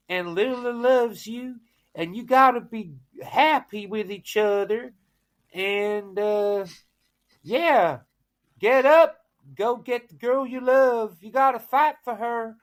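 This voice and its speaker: A man voicing a dreamy female good witch who urges someone on, in a high, drawn-out voice. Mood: dreamy urging.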